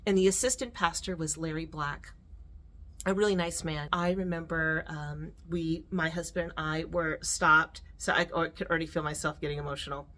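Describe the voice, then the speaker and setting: A woman's voice: low-pitched, steady tone, moderate pace, sharp tone. A middle-aged woman telling a personal story in a vlog, earnest and emotional, with fillers and restarts. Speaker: vlogger.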